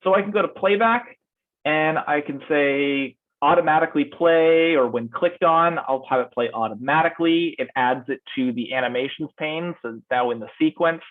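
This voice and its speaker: A man's voice: on the high side, moderate pace. Man teaching over a tinny line. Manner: thinks aloud while clicking through slides. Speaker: instructor. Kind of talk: online lecture with software demo. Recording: tinny phone-like call audio.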